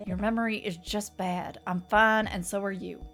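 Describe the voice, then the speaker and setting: A woman with a mid-range, fairly bright, natural voice plays a weary, patient grown son. Her intonation is fairly even and her speed normal, with soft music playing in the background.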